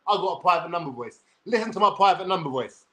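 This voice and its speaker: A man's voice: sits high, lively intonation, quick pace, bright, forceful tone. A young man with a London accent telling a rambling, sweary story on a livestream in a brash way.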